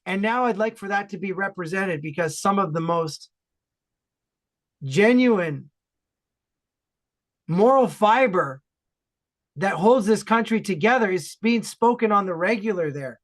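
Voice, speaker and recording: A man from Ontario with an Ontario Canadian accent, a regular on the podcast, chatting casually in energetic, emphatic bursts. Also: high-pitched, unhurried, long pauses.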